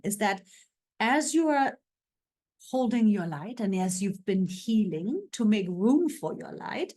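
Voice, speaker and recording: A woman talks listeners through a spiritual practice in a slow, unhurried monologue. Her voice sits at an ordinary middle pitch, and she leans on repetition and soft "right?" tags as she affirms each point. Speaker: spiritual coach and podcast host.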